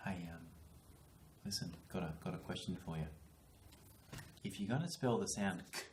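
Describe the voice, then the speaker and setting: A fairly low-voiced Australian man coaches children through syllables and spelling, patient and matey, steadily encouraging. His voice bounces around a roomy classroom. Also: normal speed, darkish tone, a little hiss or hum. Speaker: literacy teacher. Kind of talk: small-group reading intervention lesson.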